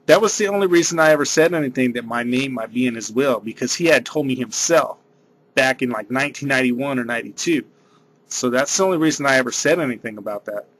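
A man's voice: mid-range voice, fast talker, fairly bright tone. A man, rambling through a casual vlog monologue and saying "dude" a lot. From San Diego area. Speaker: vlogger.

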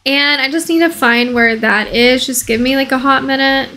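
A woman's voice: high voice, steady tone, moderate pace, hardly any pauses, sharp tone, slight background noise, low-quality recording. A woman hosting a casual let's play video, commentating in a bubbly, gushing way.

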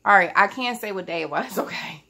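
A chatty vlogger tells her viewers a childhood story from home with family in the house, speaking briskly at a medium pitch with a noticeable gravelly fry. She's casual and relaxed, addressing the audience directly storytime-style.

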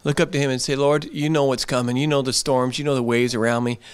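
A man preaches in a church with a voice of ordinary middle pitch. His delivery is earnest and conversational, and he circles back over the same phrases again and again. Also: fairly even intonation, fast, clean tone. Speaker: pastor. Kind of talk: sermon.

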